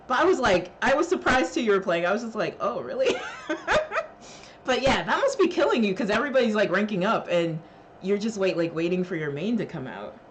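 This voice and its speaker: A woman's voice: mid-range voice, very animated, a little fast, background noise. A woman streamer chatting casually with her live chat, emotional and laughing, thanking viewers with lots of fillers.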